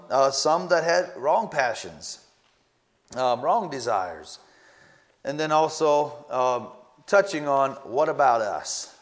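Male preacher, sermon, earnest, stops and restarts often, reads old scripture aloud. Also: mid-range voice. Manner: earnest, halting delivery with frequent restarts and repeated words.

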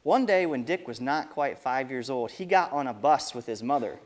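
Here a man of medium pitch reads a children's story at an ordinary pace, breaking off regularly to quiz the kids in a lively way.

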